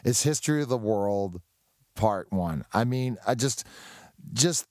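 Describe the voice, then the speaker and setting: A man in his forties hosting an interview, eager and tripping over repeated words when excited. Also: lowish voice, a little slow, no echo, clean studio sound. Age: 40s. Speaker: host. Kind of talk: casual interview.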